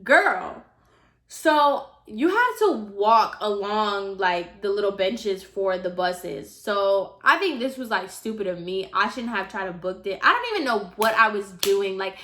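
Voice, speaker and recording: A woman's voice: medium pitch, sharp tone. A woman telling a storytime on her vlog, chatty and casual, using "like" a lot and talking straight to her viewers. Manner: chatty, heavy use of "like", addresses viewers directly. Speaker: vlogger.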